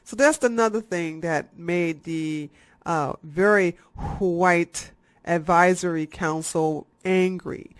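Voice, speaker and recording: A YouTube commentator giving satirical, ranting commentary, profane and sarcastic, firing off fast bursts of talk. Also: mid-range voice, dry recording.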